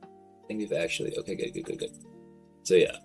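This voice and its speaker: A man's voice: low-pitched, expressive, fairly quick, vocal fry, faint music behind. A man chatting casually on a livestream, rambling in a slangy, loose way and swearing freely. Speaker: streamer.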